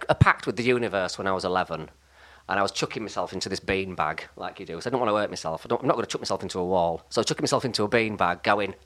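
A man with a high, light voice, chatting as a guest and wandering off into comic, self-mocking tangents with many restarts. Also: sharp tone. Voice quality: high, light voice that never broke. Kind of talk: casual chat.

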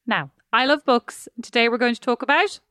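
A woman chatting with her sister on a podcast. She is self-mocking and laughs often. Her voice sits a little high and sounds dry and close to the mic. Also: a little fast, a bit bright, smooth, no room sound. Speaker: podcast co-host. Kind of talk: casual chat between sisters.

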